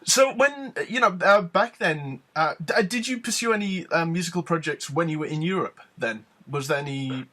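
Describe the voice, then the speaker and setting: A man's voice: fairly high pitch, moderate pace, few pauses, pushed and bright. A man with a toned-down Newcastle accent interviewing a guest, friendly and hesitant with many ums. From England. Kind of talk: casual interview chat.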